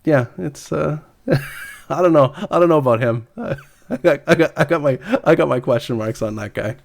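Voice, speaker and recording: A man's voice: on the high side, normal speed, gravelly. A man co-hosting a podcast, talking hesitantly with many fillers and chuckles, and reading news items aloud. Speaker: podcast co-host.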